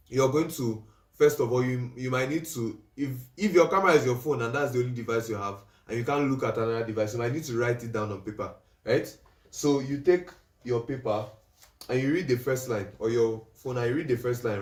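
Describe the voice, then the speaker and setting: A man's voice: mid-range voice, distant mic. A man teaching a livestream class on making videos, explaining steps and checking in with his listeners. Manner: instructive, checks in with "right?" and "do you understand?". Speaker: livestream creative coach. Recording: roomy echo, voice off-mic.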